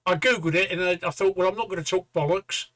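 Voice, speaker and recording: Bright-voiced British man, offhand banter. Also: high-pitched, quick pace. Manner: offhand, swearing, joking. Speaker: streamer co-host. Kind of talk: casual live-stream chat.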